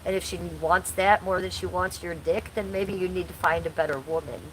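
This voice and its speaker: A woman's voice: lowish voice, steady tone, moderate pace, a little hiss or hum, rough recording. A woman in her forties hosting a casual livestream from home, chatting bluntly and crudely while reading chat aloud. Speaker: livestream host.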